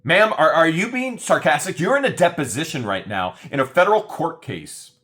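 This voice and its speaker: A man's voice: fairly high pitch, sing-song, normal speed, a bit bright, pitched above the performer's own voice. A man quoting a male lawyer, questioning firmly and measuredly.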